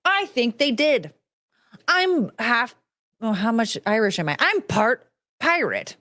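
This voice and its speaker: A woman's voice: fairly high pitch, very animated, slow pace, no echo. Woman podcaster, loose and rambling, musing aloud in casual chat, close dry mic. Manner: rambling, thinks out loud with rhetorical questions. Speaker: podcast host.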